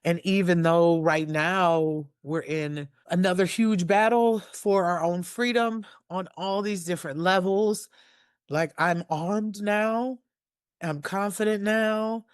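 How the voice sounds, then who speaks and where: A woman in her forties, a guest in a personal conversation, choked up and earnest, speaking haltingly with many restarts and fillers. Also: fairly low pitch, clear, resonant tone, no room sound, clean studio sound. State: tearful, choked up. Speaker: interview guest.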